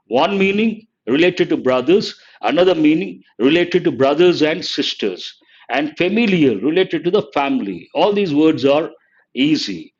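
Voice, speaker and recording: An older man teaching English vocabulary in a live online exam-prep lesson, explaining slowly and repeating words, sometimes scolding the chat. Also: a little high, expressive, slightly rough. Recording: dull lo-fi stream audio.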